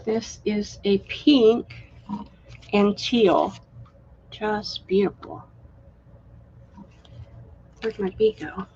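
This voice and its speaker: A woman hosting a live-stream craft sale, chatty and unhurried, admiring each item as she shows it. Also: medium pitch, steady tone, darkish tone, lo-fi sound, slight background noise. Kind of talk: live-stream sales chat.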